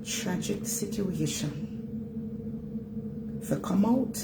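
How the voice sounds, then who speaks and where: A woman's voice: medium pitch, unhurried, very noisy. A Jamaican woman hosting a vlog, scolding and emphatic in her Jamaican Patois, repeating her points as she rants. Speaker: vlog host. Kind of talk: ranting commentary.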